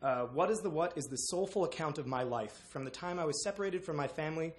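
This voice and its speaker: A young man presenting a book to his class, halting with many uhs. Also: on the high side, animated. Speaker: student presenter.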